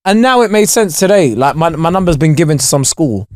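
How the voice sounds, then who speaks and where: Lively, dry-sounding young man podcaster. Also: fairly high pitch, a little fast, no room sound. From England. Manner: laughs often, loose storytelling with quoted voices. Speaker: podcast co-host. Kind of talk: casual chat.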